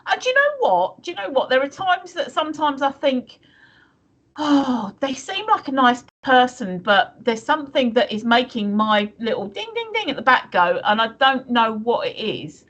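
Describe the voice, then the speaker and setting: A woman's voice: high-pitched, sing-song, normal speed, a bit bright. A woman from the UK co-hosting a live stream, chatting casually and rambling with many restarts. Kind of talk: casual chat reading viewer comments.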